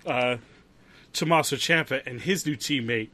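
A man's voice: medium pitch, moderate pace, a crowd in the background. A man co-hosting a casual podcast who makes sarcastic, joking remarks. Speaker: podcast co-host. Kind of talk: casual chat.

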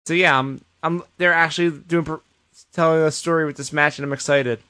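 A man co-hosting a podcast, giving an animated casual recap with plenty of swearing. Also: on the high side, a little fast. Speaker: podcast co-host. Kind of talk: casual chat.

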